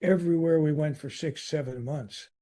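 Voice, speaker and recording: An older man from Chicago with a Chicago accent, a guest telling animated stories in a casual interview. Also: fairly high pitch, moderate pace. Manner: animated anecdotes with restarts. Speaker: guest musician.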